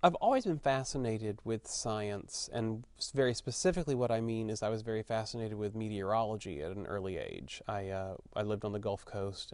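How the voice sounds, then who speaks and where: In a dry recording, a man with a lowish voice, an actor in his thirties from Texas, is being interviewed. He has a slight Texan accent and replies in a frank, chatty manner, working through his thoughts aloud with fillers and false starts.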